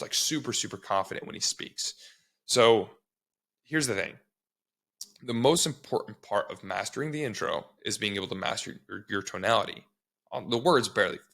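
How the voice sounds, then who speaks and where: A man's voice: lowish voice, gravelly, pushed and bright. A man giving a casual sales training talk, blunt and swearing, often checking in with "okay?".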